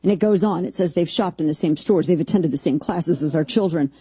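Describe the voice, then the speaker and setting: A woman hosting a show, giving animated, mocking commentary that leaps into high excited squeals. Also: brisk, breathy edge, no echo. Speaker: host. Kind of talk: sarcastic commentary.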